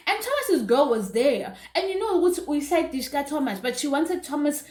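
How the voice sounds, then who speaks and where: A young South African woman telling a casual storytime, chatty and animated, with asides to her viewers. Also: high-pitched, moderate pace. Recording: roomy echo.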